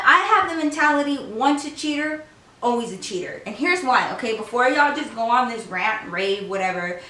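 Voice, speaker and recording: A young woman talks straight to her camera, telling a story in a loose, slangy way and acting out what everyone said. Her voice is bright and sits a little high for a woman. The mic is a bit away from her, so the room echoes around her. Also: distant mic. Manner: animated, slangy storyteller who acts out quotes. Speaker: vlogger.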